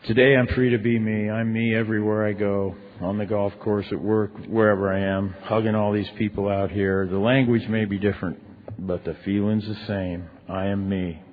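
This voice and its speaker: A man's voice: on the low side, little pitch movement, normal speed, slight background noise. A middle-aged man speaking candidly at a recovery meeting, telling a personal story in a conversational way with lots of fillers. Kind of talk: personal story told from a stage. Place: large convention ballroom. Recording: tinny lo-fi recording with long hall reverb.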